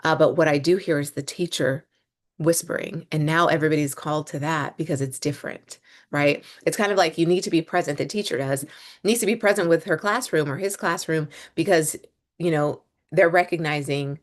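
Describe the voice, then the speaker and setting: A woman's voice: low-pitched, steady tone, normal speed. A woman in her thirties, a homeschooling mom and business coach, talking to listeners in a loose, rambling monologue with fillers and restarts. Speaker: podcast host, business coach. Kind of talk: casual monologue.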